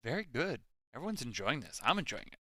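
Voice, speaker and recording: A man chiming in off camera with brief, warm remarks during a painting lesson. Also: medium pitch, big pitch swings, fast, no room sound, clean studio sound.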